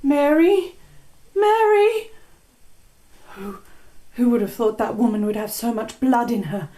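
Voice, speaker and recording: An imperious, haughty queen, played by a woman, declaiming in old stage speech. Her voice is high and her delivery slow and measured. It is heard in an echoey room. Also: animated, warm tone, distant mic. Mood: sleepwalking. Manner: commanding, declamatory. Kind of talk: Elizabethan stage acting.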